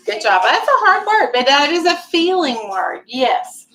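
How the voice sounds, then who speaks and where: A woman teacher leading a classroom phonics lesson, patient and clear, drawing out her explanations. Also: sits high, big pitch swings, a bit bright, a little hiss or hum, poor audio. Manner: patient, clear, drawn-out instructional speech.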